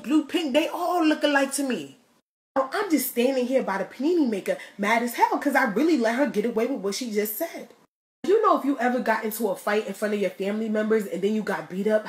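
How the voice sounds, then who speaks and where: A young woman doing comedic storytelling, profane and animated, acting out the people in her story. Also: fairly high pitch, reverberant. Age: young adult. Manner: profane, animated, acts out voices.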